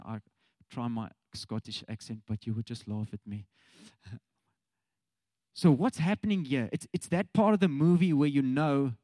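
Chatty South African preacher, dry sound. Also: male voice, mid-range voice, animated, moderate pace, mellow, no room sound. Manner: casual, chatty, addresses congregation directly. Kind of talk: conversational sermon.

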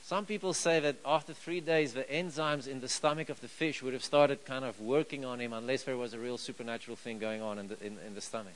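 A man's voice: medium pitch, fairly even intonation, fast, few pauses, a little hiss or hum, poor audio. A man preaching a sermon in a conversational way, asking the room questions and chuckling as he tells the story. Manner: conversational, asks the crowd rhetorical questions; chuckles while telling the story.

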